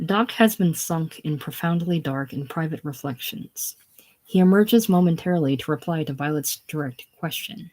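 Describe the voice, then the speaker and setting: Stage-direction reader, matter-of-fact, casual play reading, middling pitch. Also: normal speed, darkish tone.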